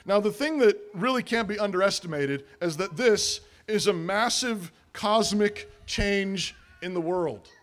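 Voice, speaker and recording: A man's voice: sits high, unhurried, hardly any pauses. A man preaching a sermon as pastor, emphatic and repetitive, asking rhetorical questions and answering them.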